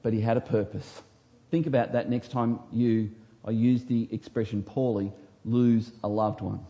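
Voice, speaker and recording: A man, a pastor, preaching a sermon with emphatic delivery that swings from hushed to loud. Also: mid-range voice, fairly even intonation, normal speed, highs cut off.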